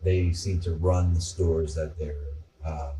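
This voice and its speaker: A man's voice: extremely low pitch, flat delivery, slow, recorded from a distance, a crowd in the background. A man co-hosting a casual podcast, telling rambling stories with some profanity. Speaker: podcast co-host. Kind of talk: casual chat.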